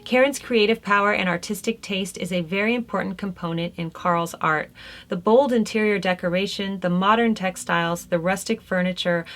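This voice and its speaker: Woman host, mid-pitched, reads notes aloud with relaxed chatty asides. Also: moderate pace. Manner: conversational, chatty, laughs between remarks.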